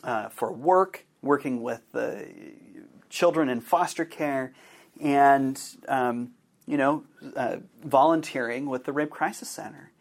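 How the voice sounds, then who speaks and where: Unhurried man telling a personal story. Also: medium pitch, creaky. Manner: halting, with frequent fillers and restarts. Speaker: podcast host.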